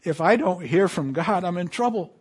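A man preaching a sermon to his congregation, quoting scripture with emphatic swells and quiet drops. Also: high voice, lively intonation, normal speed, slightly rough. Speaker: pastor.

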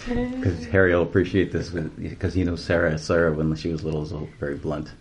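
A low-voiced man with big pitch swings and a brisk pace leads a casual group Bible study, chatting, laughing easily, and telling stories between verses. It's a noisy amateur room recording with crowd noise.

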